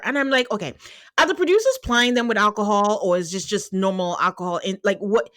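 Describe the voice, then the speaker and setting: A woman's voice: medium pitch, fairly quick, no echo, clean studio sound. A woman hosting a podcast, recapping a reality show in casual chat, laughing and acting out what people said. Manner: animated, laughing, acting out quotes. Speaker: podcast host.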